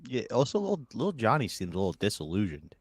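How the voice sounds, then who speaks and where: A man co-hosting a crude comedy podcast, throwing in deadpan one-liners. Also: lowish voice, quick pace, breathy edge, no room sound. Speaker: podcast co-host.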